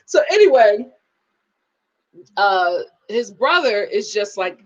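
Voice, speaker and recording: A woman's voice: medium pitch, very animated, slow, highs cut off. A woman doing a live review of a reality TV episode, telling it dramatically and breaking into laughter.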